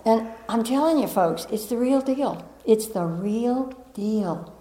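A woman's voice: on the high side, animated, takes it slowly, warm tone. A woman spiritual teacher giving a talk to a live audience, emphatic and repetitive, with playful asides. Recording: roomy echo of a meeting room.

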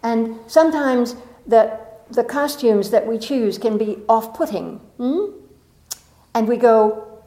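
A woman's voice: fairly high pitch, slow pace, reverberant, low-quality recording. A woman giving an inspirational talk to an audience, telling a story with acted-out quotes and frequent laughter. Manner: expressive storyteller, acts out quotes, laughs often. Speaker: spiritual speaker.

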